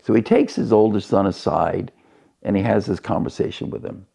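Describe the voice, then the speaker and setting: A man's voice: on the low side, normal speed, gravelly, warm tone, breathy edge. A man preaching a sermon, telling a story and acting out the characters' voices as he goes.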